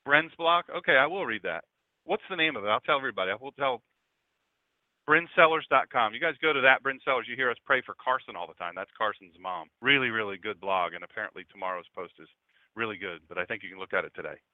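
Joking pastor on a tinny line. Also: male voice, medium pitch, expressive, fast talker, no echo. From Delaware, USA. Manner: chatty, joking asides to the audience. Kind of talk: conversational radio sermon. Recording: dry, tinny phone-like sound.

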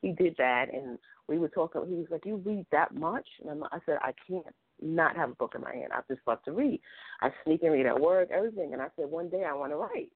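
A woman author chatting as a guest, an animated storyteller who acts out the dialogue in her stories. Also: deep voice, a little fast, breathy edge, no echo. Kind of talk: casual chat. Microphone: phone. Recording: phone line.

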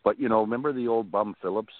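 A man's voice: lowish voice, fast. A man with a Northern US accent, co-hosting a casual sports talk show, rambling with many fillers and restarts. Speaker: co-host. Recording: tinny phone-like line.

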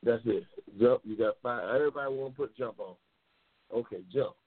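A man hosting a loose call-in talk show, excitable and profane, yelling and laughing at his callers. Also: medium pitch, fairly quick, breathy edge. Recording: tinny phone-like audio.

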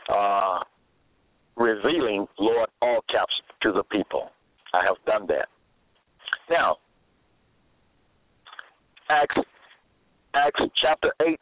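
A man preaching alone in a deliberate, halting way, reading scripture aloud with many fillers and repeated phrases. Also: mid-range voice, no room sound. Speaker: preacher presenting his own episodes. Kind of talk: slow solo sermon reading scripture aloud. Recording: tinny phone-line sound, dry.

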